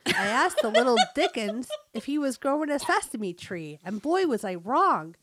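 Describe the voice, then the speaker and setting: A woman's voice: on the high side, sing-song, moderate pace, very noisy, pitched above the performer's own voice. A woman voicing a cheerful, chatty small-town mom with a North Dakota accent, reading a comic story aloud. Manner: folksy, bubbly storytelling.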